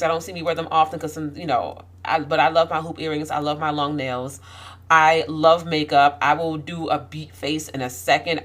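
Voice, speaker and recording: A woman's voice: low voice, a bit bright. A woman talking candidly to camera about her own experiences, outspoken and passionate, with frequent restarts and rising emphasis. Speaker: vlogger. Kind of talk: candid personal talk to camera.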